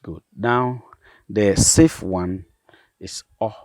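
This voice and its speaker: A man, a pastor, patiently explaining vowel sounds and repeating each example word slowly. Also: fairly low pitch, darkish tone. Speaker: pastor and language teacher.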